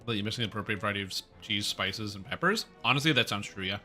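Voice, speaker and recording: A man's voice: on the low side, rapid-fire, sharp tone, faint music behind. A young man streaming a game, chatting casually and rambling as he jokes and answers chat. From Canada.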